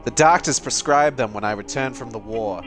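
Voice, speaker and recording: A man voicing a 1920s private detective with a put-on Boston accent, reading in a slow, hammy way. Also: medium pitch, a bit bright, faint music behind, natural voice.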